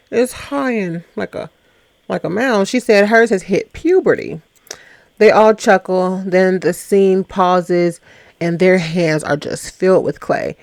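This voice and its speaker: A woman's voice: lowish voice, gravelly, a little mellow, no echo. A woman hosting a casual, sassy recap of a dating show, chatting to her viewers. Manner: chatty, sassy, quotes people in little voices. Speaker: reaction show host.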